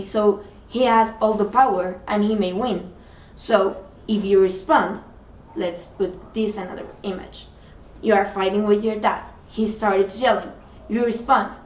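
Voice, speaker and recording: Earnest woman in a roomy space. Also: mid-range voice. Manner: earnest, explains with simple examples and gestures to size. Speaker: speaker giving motivational advice. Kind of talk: motivational talk. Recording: roomy sound from a distant mic.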